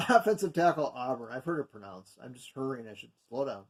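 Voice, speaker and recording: A man hosting a video talks through mock drafts from his notes, animated and at normal speed with hardly any pauses. His voice is medium-pitched and a little mellow, and his unscripted, casual rambling is packed with fillers and self-corrections.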